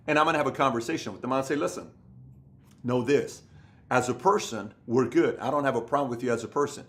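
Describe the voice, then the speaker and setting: A man in his thirties talks straight to camera about leading a business team. His voice sits at an ordinary middle pitch. He hammers home his points by repeating short phrases. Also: fast talker. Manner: emphatic, repeats key phrases for stress. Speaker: business coach. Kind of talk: motivational talk to camera.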